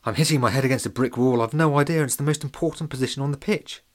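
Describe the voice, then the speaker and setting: A man reading a children's storybook and voicing a young schoolboy who captains a team, talking in an earnest, steady way. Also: lowish voice, quick pace.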